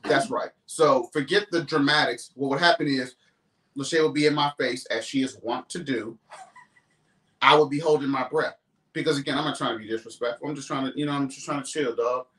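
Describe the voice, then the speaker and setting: A man co-hosting a casual chat, laid-back and deliberate as he makes his points. His voice sits at a middling pitch for a man. The room echoes around him, and he is some way from the mic. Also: steady tone, fairly bright tone, recorded from a distance. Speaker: podcast co-host.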